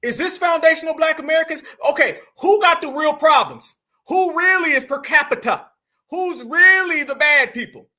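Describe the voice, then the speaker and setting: A man's voice: extremely high pitch, normal speed, sharp tone. A man hosting reaction commentary, preachy and mocking, repeating points and firing rhetorical questions. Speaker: commentary host.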